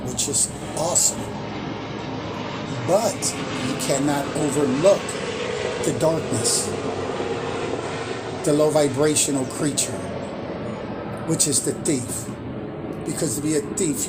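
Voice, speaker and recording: A man's voice: a little high, steady tone, a little slow, long pauses, heavy background noise. A man who hosts a spiritual channel, giving a boastful, emphatic monologue to camera and repeating phrases for emphasis.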